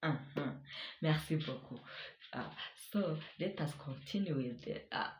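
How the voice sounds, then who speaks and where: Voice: mid-range voice, animated, unhurried, echoey room, slight background noise. A language teacher giving a spoken lesson, speaking in an encouraging way and often checking in with learners.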